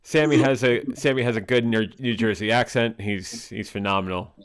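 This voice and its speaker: A man's voice: medium pitch, steady tone, moderate pace, smooth. A man hosting a casual live-stream chat, joking around and reading out viewer comments. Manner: jokey, reads out viewer comments. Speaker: host.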